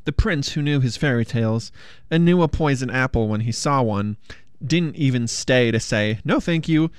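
A storyteller reading a funny fairy-tale picture book aloud in a playful, expressive way. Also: medium pitch, normal speed, clean tone, no echo, studio quality.

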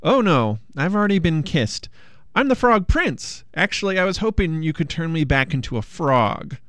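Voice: medium pitch, sing-song, normal speed, fairly bright tone, dry recording, voice pushed up. A storyteller voicing a whiny, flustered young prince who stammers politely. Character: anxious, whiny Frog Prince, young man.

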